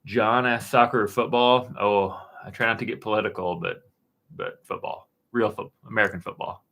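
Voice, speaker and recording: A man in his thirties, with a voice that sits somewhat low, answers viewers' questions on a live stream in a loose, unhurried way. He drifts between answers with fillers and restarts, chatting from his dark-painted studio room. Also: gravelly. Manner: relaxed, rambling, many fillers and restarts. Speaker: woodworking channel host answering live chat.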